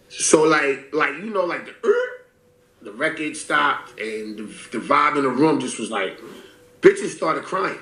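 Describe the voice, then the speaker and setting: A man in his forties telling stories in a casual interview, profane and animated, acting out what people said. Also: fairly high pitch, measured pace. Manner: animated storyteller, profane, acts out quotes. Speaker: rapper guest. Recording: roomy echo.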